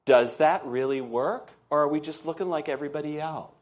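A man's voice: a little high, brisk. A man preaching a sermon in church, telling stories and often asking the congregation questions. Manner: storytelling, conversational, asks the congregation questions. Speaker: pastor.

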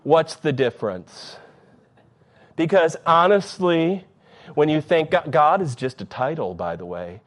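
A man preaching a sermon as a pastor, earnest, with raised emphatic phrases that drop into low, quiet ones. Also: animated, a little slow.

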